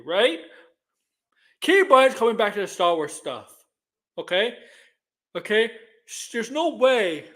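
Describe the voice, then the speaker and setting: A man's voice: high-pitched, pushed and bright. A middle-aged man co-hosting a movie news show in casual chat, rambling and repeating himself with many restarts.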